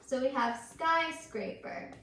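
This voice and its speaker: Bright-voiced woman teaching spelling. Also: high-pitched, slow pace, a little hiss or hum. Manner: patient, spells words out letter by letter; frequent um fillers. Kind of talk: recorded grammar lesson. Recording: echoey room.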